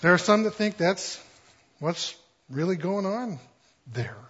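A man's voice: sits high, animated, takes it slowly, a bit bright, breathy edge, lo-fi sound. A man preaching a sermon in a conversational, playful way, acting out quotes with jokes. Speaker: pastor.

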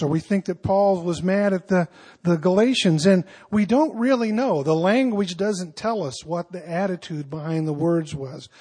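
A man's voice: on the high side, darkish tone, slightly rough. A man preaching a sermon in an informal, earnest way, with emphatic asides to his listeners. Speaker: pastor. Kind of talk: conversational sermon.

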